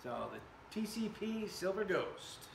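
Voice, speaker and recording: An American man tests air guns in his indoor workshop, chatting to viewers with joking asides in a casual vlog filmed by a far-off camera. His gravelly voice sits high, very animated and a little slow. The room is echoey, with background noise.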